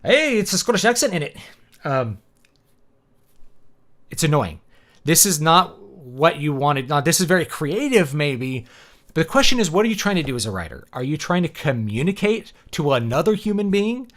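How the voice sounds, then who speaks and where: Playing a game, a teacher and author rambles through a casual chat, full of opinions and filler words like um. His voice is fairly high, very animated and a bit bright, at a moderate pace.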